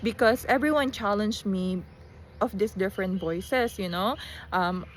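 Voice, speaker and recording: A woman's voice: mid-range voice, a little slow, a little hiss or hum. Filipino woman rambling just after waking. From Philippines. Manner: rambling, frequent restarts and fillers, mixes in Tagalog phrases. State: just woken up. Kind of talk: casual rambling monologue.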